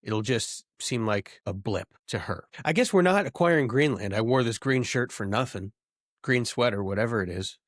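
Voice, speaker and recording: A man co-hosting a podcast, rambling through jokey theories and thinking out loud in casual chat. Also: mid-range voice, animated, normal speed, dry recording, studio quality. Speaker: podcast co-host.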